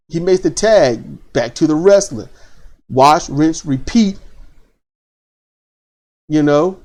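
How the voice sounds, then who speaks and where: A man hosting a casual wrestling commentary, animated and opinionated, repeating phrases for emphasis. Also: fairly high pitch. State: choked up.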